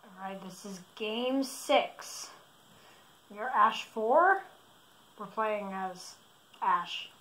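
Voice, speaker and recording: A woman's voice: medium pitch, extremely slow, long pauses, fairly bright tone. A woman giving casual, rambling commentary over a game she is playing, correcting herself as she goes, recorded in her bedroom. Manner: chatty, rambling, self-correcting. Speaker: gaming video creator. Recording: echoey room with faint noise.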